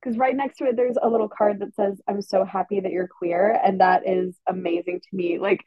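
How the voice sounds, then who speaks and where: A woman guest on a podcast, chatting in an animated, slangy way and laughing often. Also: mid-range voice, brisk, no room sound. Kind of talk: casual chat. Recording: dry, dull lo-fi mic.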